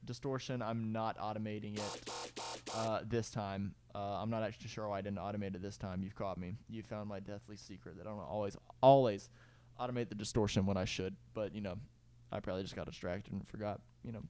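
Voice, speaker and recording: A man's voice: lowish voice, a little fast, a little mellow. A young man walking through his own music project as a casual tutorial, rambling and correcting himself, sometimes singing out rhythms. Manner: rambling, self-correcting, fillers and sung beat sounds. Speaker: music producer giving a tutorial. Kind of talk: casual screen-recorded tutorial. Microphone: clip-on mic.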